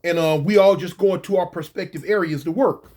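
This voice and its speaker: A man's voice: sits high, a little fast, a little mellow. A man telling a personal story in a loose, slangy way, often repeating himself and circling back. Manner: slangy, rambling, repeats phrases.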